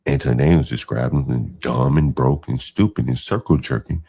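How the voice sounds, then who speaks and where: Deep gravelly man, mocking commentary. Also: moderate pace, dark tone. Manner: mocking, incredulous asides with frequent fillers. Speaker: podcast host reacting to clips. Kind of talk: casual commentary.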